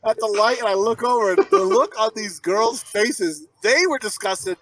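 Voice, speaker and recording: High, lively, profane podcast guy. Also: moderate pace, crowd noise, rough recording. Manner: crude, profane joking and teasing; rambling storyteller. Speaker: podcast co-host. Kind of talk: casual chat.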